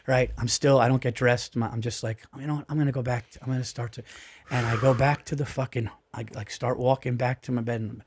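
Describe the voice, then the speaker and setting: Profane, excitable man telling a story. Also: mid-range voice, fast, slightly rough. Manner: profane, excitable, acts out voices. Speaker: podcast guest, comedian. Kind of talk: animated storytelling. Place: podcast studio. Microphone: studio mic.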